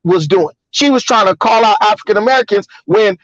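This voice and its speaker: A man's voice: high-pitched, a little fast, no room sound. A man hosting a casual commentary chat show, talking animatedly and acting out the voices of people he quotes. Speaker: show host. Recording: dull lo-fi dry sound.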